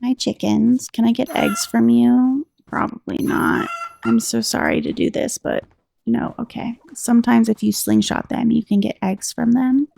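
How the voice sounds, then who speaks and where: An American woman giving relaxed, rambling commentary while playing a game, chatting to her viewers. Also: a little high, moderate pace, creaky. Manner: chatty, rambling, reads game text aloud. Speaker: gameplay commentator.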